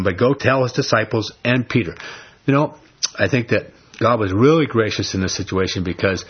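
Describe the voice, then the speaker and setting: Male pastor, emphatic, plainspoken sermon delivery, husky tone, dull recording. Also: fairly low pitch. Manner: blunt, emphatic preaching with casual slang.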